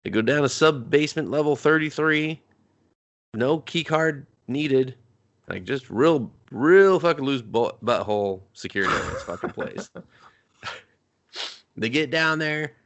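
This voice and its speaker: A man's voice: on the high side, animated, fairly bright tone. A man co-hosting a movie review podcast, recapping a film with mocking sarcasm and constant swearing. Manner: mocking, swears often, acts out characters in quick voices.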